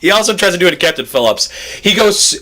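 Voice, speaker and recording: With a high-pitched, sharp voice and lively intonation, this young podcast co-host chats casually and at length. He is talkative, gives long explanations, and often restarts his sentences quickly.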